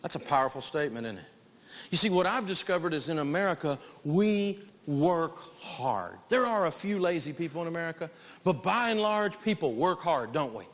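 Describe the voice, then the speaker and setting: A man teaching a live money lesson to an audience, preachy, rising to shouts for emphasis. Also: on the high side, lively intonation, moderate pace. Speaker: financial teacher. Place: large hall with a live audience. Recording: long hall reverb.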